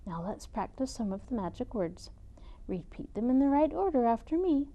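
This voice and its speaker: Woman doing Stregonona, gentle old witch. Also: a little high, big pitch swings, moderate pace, lo-fi sound. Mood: patient. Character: wise old woman witch, kindly teacher.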